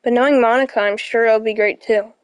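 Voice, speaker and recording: A woman's voice: a little high, fairly even intonation, brisk, smooth, no echo, poor audio. A young woman reading a visual novel aloud over an online call, dramatic and given to repeating herself when upset. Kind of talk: emotional game read-aloud.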